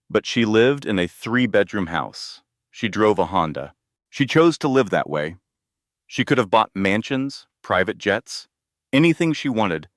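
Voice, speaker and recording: Man voicing a calm, formal estate attorney. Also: lowish voice, no room sound, studio quality. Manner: measured, formal and gentle.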